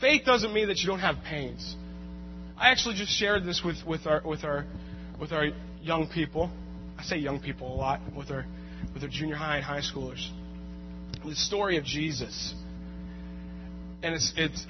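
A man preaching a sermon, swinging from quiet asides to loud, shouted bursts. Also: on the high side. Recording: muffled recording with music and hum.

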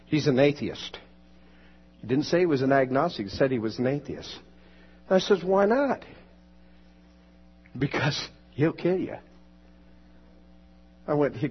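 A man's voice: mid-range voice, husky, highs cut off. A man preaching, telling a testimony and rising to fervent prayer in a church. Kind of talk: sermon testimony. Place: church sanctuary.

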